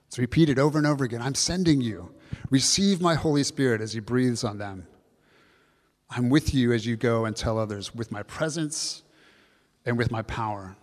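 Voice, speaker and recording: A man's voice: mid-range voice, normal speed. Male pastor, earnest sermon delivery, repeats phrases, long hall reverb. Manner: earnest, repetitive preaching, addresses kids and congregation.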